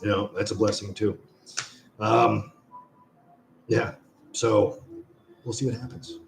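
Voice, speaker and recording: A man's voice: fairly low pitch, level tone, slow pace, creaky. A man hosting a live stream, rambling through a story and swearing freely in casual chat. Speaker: livestream host. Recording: roomy echo, faint music behind.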